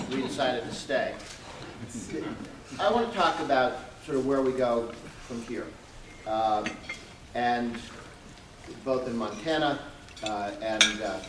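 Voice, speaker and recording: A male guest speaker from Massachusetts delivers a keynote with dry humor, halting on filler words. He is far from the microphone in an echoing banquet hall, with dishes and cutlery clinking throughout. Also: medium pitch, noisy background. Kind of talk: luncheon keynote speech. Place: banquet hall at a lunch event. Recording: roomy, distant mic with clinking dishes.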